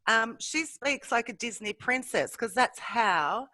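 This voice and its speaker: A woman co-hosting a podcast, chatting casually and teasing with deadpan jokes. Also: a little high, unhurried, no room sound. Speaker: podcast co-host. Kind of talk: casual chat.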